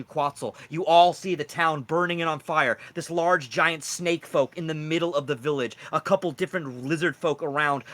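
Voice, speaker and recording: A man narrating a tabletop game as game master, with an animated delivery that jumps in pitch and volume.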